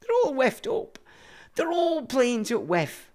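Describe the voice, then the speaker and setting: A man's voice: very high voice, sing-song, unhurried, few pauses. A middle-aged man, hosting a livestream and ranting in a blunt, profane, rambling monologue. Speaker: livestream host.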